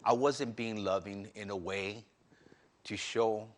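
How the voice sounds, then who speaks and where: A man's voice: on the low side, fairly even intonation, slow. A man speaking as a guest on a faith talk show, candidly telling his own story with earnest restarts. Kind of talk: personal testimony in interview.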